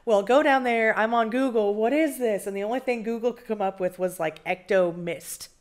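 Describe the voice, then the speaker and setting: A woman paranormal investigator telling her ghost story in an interview in an animated, excited way. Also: medium pitch, a little fast.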